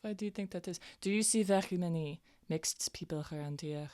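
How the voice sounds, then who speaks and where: A woman's voice: low-pitched, normal speed, mellow, no echo, studio quality, lightly acted. A woman voicing a defiant young woman who challenges a bigot with pointed questions. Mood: challenging.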